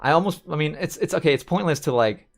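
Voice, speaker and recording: A man's voice: on the high side, lively intonation, fast, vocal fry, faint music behind. A man commenting casually on a replayed call, rambling and repeating himself. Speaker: streamer reacting to a clip of his own call-in.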